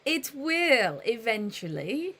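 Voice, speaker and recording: A woman's voice: fairly high pitch, sing-song, takes it slowly, fairly bright tone. A woman live streaming in casual chat, thinking aloud and patiently explaining trading to her viewers.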